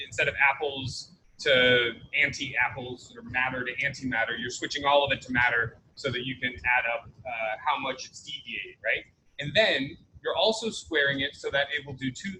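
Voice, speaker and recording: A man's voice: mid-range voice, pushed and bright, slight background noise, low-quality recording. A young man giving a casual online college economics lecture, chatty and jokey, often checking in with "right?".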